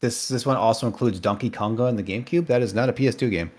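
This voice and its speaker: A young man co-hosting a podcast speaks rapid-fire in a mid-range, slightly mellow voice. Laid-back, he chats casually and swears now and then.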